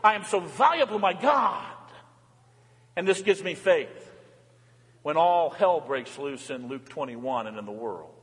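A man's voice: fairly high pitch, unhurried. Older male pastor preaching in a reverberant church. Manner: warm, animated preaching with dramatic drops and rises. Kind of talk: sermon. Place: large church sanctuary.

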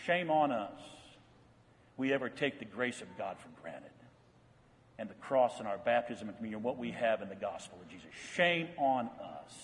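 A man preaching a sermon as a pastor, telling folksy stories and then dropping low and quiet for his earnest points. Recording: long hall reverb.

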